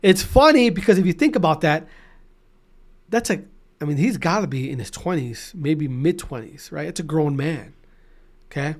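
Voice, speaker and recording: A man's voice: a little high, expressive, normal speed, long pauses. A man hosting his own podcast, ranting in a loose, repetitive way with many restarts. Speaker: podcast host. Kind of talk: solo podcast rant.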